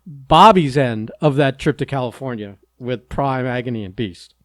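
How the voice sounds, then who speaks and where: A man's voice: medium pitch, moderate pace, dry recording, studio quality. A man co-hosting a podcast, chatting in an easygoing way and steering the talk. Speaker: podcast host. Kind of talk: casual chat.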